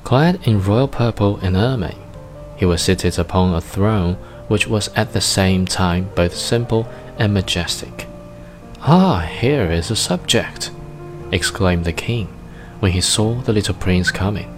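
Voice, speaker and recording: A man narrating a storybook in a slow, careful reading. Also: low voice, over music.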